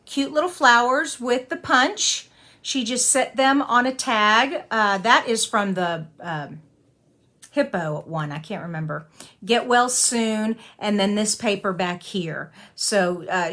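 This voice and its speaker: A woman's voice: mid-range voice, a bit bright. Chatty woman showing handmade cards. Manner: chatty, admiring, drawling with fillers. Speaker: card-making channel host. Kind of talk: casual craft show-and-tell.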